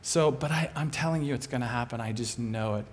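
A man preaching a sermon as an animated, humorous storyteller. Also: mid-range voice, fairly quick.

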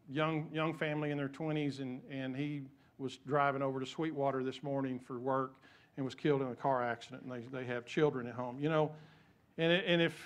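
A male pastor, preaching a sermon in a church, telling stories with many restarts and dropping to a soft voice to pray. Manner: storytelling with repeated restarts; drops to soft, low voice in prayer.

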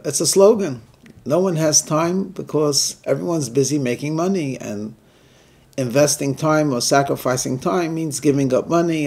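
A man, a rabbi, telling a story as a weekly sermon and briefly voicing the people in it. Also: on the high side. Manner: animated storyteller who voices the people in his stories.

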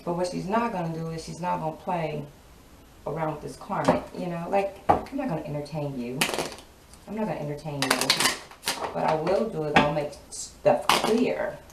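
A woman's voice: deep voice, moderate pace. A woman giving a casual tarot reading in a sassy, emphatic way, often repeating her lines for effect. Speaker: tarot card reader. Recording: roomy, distant mic, clear background noise.

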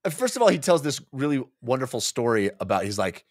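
A man co-hosts a relaxed book discussion, his pitch rising and falling in lively swings. He talks with a playful energy and often breaks into goofy impressions of characters. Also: fast. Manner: animated, slips into playful character voices. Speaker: podcast co-host.

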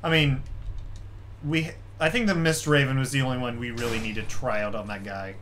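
A young man co-hosting a casual let's-play, reacting loudly, swearing and reading item text aloud. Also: mid-range voice, steady tone, brisk, slight background noise. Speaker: co-host of a gaming channel.

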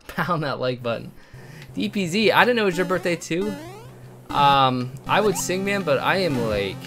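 A man live-streaming a video game, chatting with his viewers and gushing thanks, sometimes bursting into shouts. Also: fairly high pitch, sing-song, normal speed. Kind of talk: live-stream chat while playing. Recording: background music under voice. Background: game music.

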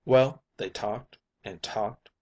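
A man's voice: on the low side, slow pace, darkish tone. A man narrating a short story audiobook in a colloquial, yarn-spinning manner. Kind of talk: scripted narration.

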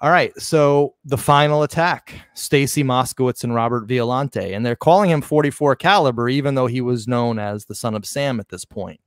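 A man's voice: mid-range voice, normal speed, few pauses, smooth, no echo. A man hosting a loose, live-streamed conversation in a mid-range voice. He rambles and keeps restarting his sentences. His voice sounds close and dry, with no room around it. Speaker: host. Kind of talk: casual live-streamed chat.

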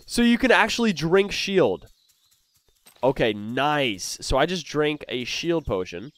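This young gaming YouTuber's excited play-by-play shifts between hushed muttering and loud outbursts. He speaks a little slowly in a slightly high voice, and there's no echo.

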